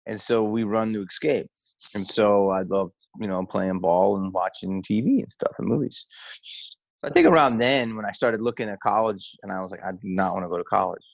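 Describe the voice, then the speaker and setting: Comedian guy, low voice, dry sound, rambles and acts out quotes. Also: a little fast, vocal fry, no echo, dull audio. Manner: loose, rambling storyteller who acts out quotes. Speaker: comedian guest. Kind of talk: casual interview talk.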